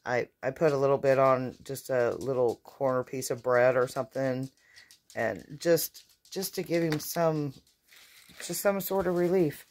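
A woman's voice: very deep voice, unhurried, a little mellow. A woman chatting casually at home into her phone camera, rambling and hesitant with many fillers and restarts. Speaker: vlogger caring for her dogs. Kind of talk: casual home vlog chat.

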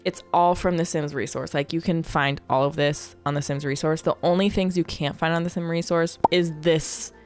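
A woman's voice: low-pitched, fairly even intonation, moderate pace, hardly any pauses. A young woman chatting casually while building in a game, thinking aloud with playful asides. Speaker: Sims building creator. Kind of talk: casual gameplay commentary.

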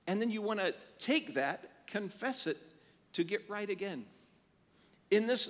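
Man, pastor, sermon, high voice, animated storytelling, long church reverb. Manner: animated storytelling with acted-out quotes. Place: church sanctuary.

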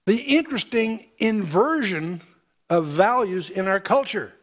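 High-voiced man teaching the Bible. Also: animated, unhurried. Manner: reads scripture aloud, then adds pointed commentary. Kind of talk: verse-by-verse Bible lecture.

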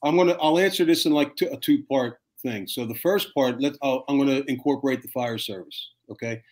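A fire captain in his fifties telling stories in a casual, animated way, swearing freely and acting out the people in them. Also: medium pitch, fairly quick. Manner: animated, profane, acts out voices in his stories. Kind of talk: casual storytelling chat.

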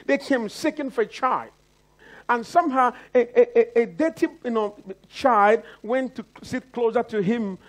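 A pastor from Nigeria preaching a sermon, calling out to the congregation again and again and acting out the voices he quotes. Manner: preaching with repeated call-outs to the congregation; acts out quoted voices with big pitch swings.

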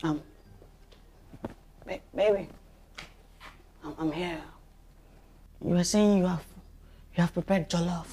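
A man's voice: high-pitched, steady tone, takes it slowly, long pauses, mellow. A man with a Nigerian accent playing a besotted husband who stammers, pleads and dotes on his wife in a Nollywood movie. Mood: doting. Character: besotted hen-pecked husband, soft and begging. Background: background music.

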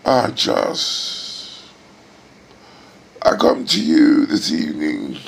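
A middle-aged man in a hospital room, weary and near tears, talking in a personal video diary with sighs and halting pauses. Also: rumbling low, big pitch swings, vocal fry. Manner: emotional, sighing, halting. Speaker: vlogger.

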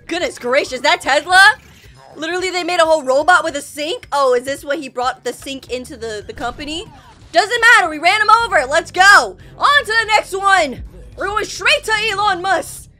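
A woman with a very high, bright voice that swings widely in pitch, reacting to clips as she watches. She laughs a lot and shouts out at what happens on screen, with faint music playing behind her. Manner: animated, laughing often, exclaiming at the screen. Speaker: YouTuber reacting to animations. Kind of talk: excitable reaction commentary.

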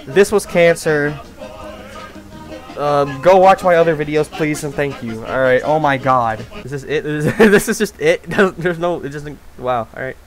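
A young man doing rage gameplay commentary, cursing, pleading with and shouting at the game, from low mutters to loud yells. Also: a little slow. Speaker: gaming YouTuber. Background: game music.

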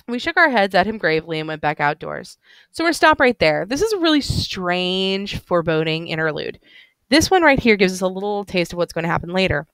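A woman's voice: lowish voice, animated, brisk, a bit bright, clean tone, no room sound. A woman teacher reading a novel aloud to her class and explaining it, often stumbling over words and apologizing.

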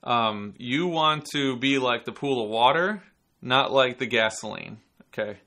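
A man hosting a podcast and giving casual self-defense instruction, relaxed and chatty, sometimes acting out angry people. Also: mid-range voice, measured pace. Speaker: podcast host and martial arts instructor.

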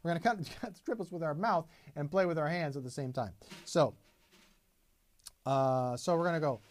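A man's voice: on the high side, normal speed, a little hiss or hum. A man teaching a drum lesson, patiently explaining and counting beats aloud as he plays. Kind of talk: instructional demonstration.

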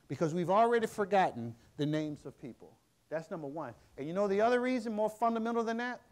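A middle-aged man speaks to a lecture audience in a slightly high voice, his pitch swinging widely as he tells a story. He restarts his sentences often and slips into soft, quiet asides. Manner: conversational, halting with frequent restarts and fillers. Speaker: museum director giving a public lecture.

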